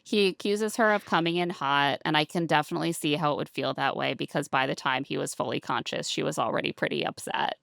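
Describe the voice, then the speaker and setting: Low, gravelly woman recapping casually. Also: fast talker, hardly any pauses, a bit bright, no echo, studio quality. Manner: chatty, acts out quotes with shifting voices. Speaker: podcast co-host.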